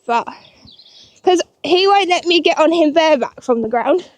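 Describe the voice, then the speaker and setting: A woman's voice: high voice, animated, normal speed, slight background noise. A woman in casual vlog chat about her ponies, chatty and giggling nervously as she rides. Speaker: pony owner vlogging her yard. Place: outdoor yard and riding pen.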